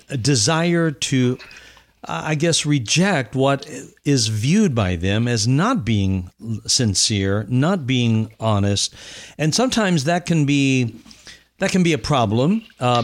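A man hosting an interview, asking reflective questions in a measured, conversational way. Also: medium pitch. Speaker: interview host.

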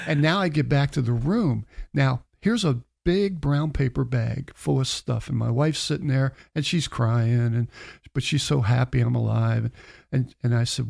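A man's voice: medium pitch, normal speed, gravelly, breathy edge. A middle-aged man telling a personal story in a casual interview, acting out the quoted dialogue as he goes. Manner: animated anecdotal storyteller, acts out quoted dialogue. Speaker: interview guest.

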